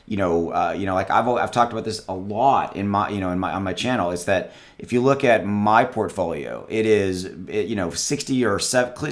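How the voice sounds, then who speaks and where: A man vlogging casual investing advice to his viewers, talking loosely with many restarts and calling them guys. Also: low voice. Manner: conversational, repeats words, addresses viewers as guys. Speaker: crypto YouTuber. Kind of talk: casual direct-to-camera advice. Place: home with dogs.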